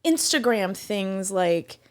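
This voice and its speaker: A woman co-hosting a casual podcast, telling a story in an animated way and stumbling over words now and then. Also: medium pitch, slow. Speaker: podcast co-host; restaurant server.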